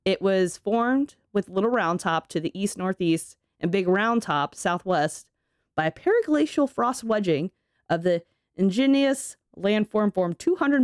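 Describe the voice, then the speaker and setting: A woman's voice: medium pitch, darkish tone, clear, resonant tone, dry recording, clean studio sound. A woman co-hosting a casual podcast chat, laughing often and swearing casually as she tells a ghost story. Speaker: podcast co-host.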